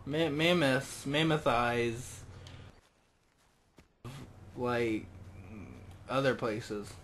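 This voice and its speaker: A young man casually commentating a video game, rambling and joking, excited. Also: mid-range voice, drawn-out words, a little hiss or hum. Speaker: gaming video host. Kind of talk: casual let's-play commentary.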